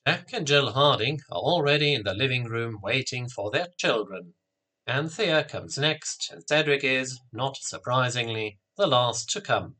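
A man narrating a children's story in a steady, clear reading voice. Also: medium pitch, unhurried.

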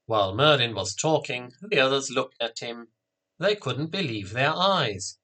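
A man narrating a children's story in a steady, clear reading voice. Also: mid-range voice, unhurried.

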